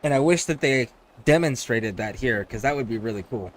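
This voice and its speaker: A man's voice: medium pitch, animated, a little fast, a little hiss or hum. Man rambling over gameplay. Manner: rambling, restarts mid-thought. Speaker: streamer. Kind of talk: casual gameplay commentary.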